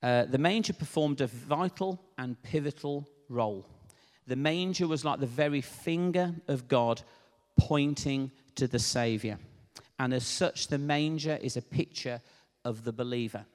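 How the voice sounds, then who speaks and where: A man giving a sermon in an earnest, unscripted way, pausing with fillers and restarting phrases. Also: mid-range voice. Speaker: preacher. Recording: long hall reverb.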